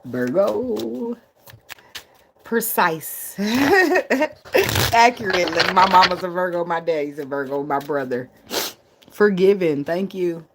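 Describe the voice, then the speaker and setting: A woman's voice: on the low side, expressive, slow pace, long pauses, a little hiss or hum. A woman giving a casual livestream tarot reading, blunt and profane, often breaking into laughs. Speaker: tarot reader.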